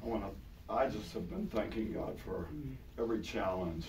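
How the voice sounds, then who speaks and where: An older man preaching a sermon to his congregation with a hoarse, partly gone voice, talking earnestly and casually, repeating words for emphasis. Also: on the low side, moderate pace. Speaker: pastor. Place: large church hall with congregation. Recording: echoey hall, taken from far off, noisy.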